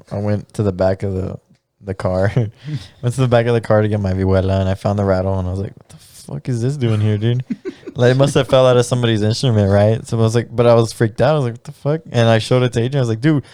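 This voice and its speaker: Casual mariachi guy co-hosting a podcast, dark dry voice, giggly and rambling. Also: lowish voice, dry recording. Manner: laughs often, rambling storytelling with many fillers. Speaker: podcast co-host. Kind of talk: casual chat.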